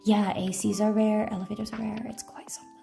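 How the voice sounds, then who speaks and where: Woman, casual live-stream chat, rambling filler-heavy storytelling, raspy vocal fry, faint music behind. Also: medium pitch, little pitch movement, fast talker, dark tone. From United States. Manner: rambling storytelling full of fillers and self-corrections. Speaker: IRL streamer.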